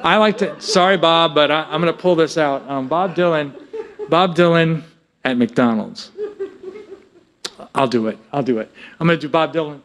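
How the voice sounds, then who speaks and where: A man who works as a music therapist, presenting a workshop to a live audience in an animated, joking way, often asking the audience questions. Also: on the high side, quick pace, few pauses, slight background noise. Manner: animated and joking, breaks into sung snippets; asks the audience frequent questions.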